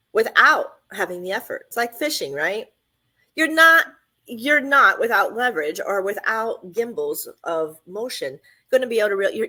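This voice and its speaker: A woman's voice: a little high, bright, forceful tone. A woman hosting a radio talk show, speaking in an emphatic, conversational way that repeats phrases for stress.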